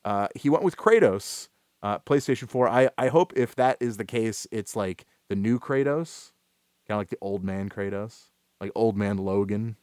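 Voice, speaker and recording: A man's voice: on the low side, a little mellow, smooth, no echo, studio quality. Rambling, hesitant man chatting on a podcast. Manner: rambling, halting, lots of restarts and fillers. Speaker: podcast host. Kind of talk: casual gaming podcast chat.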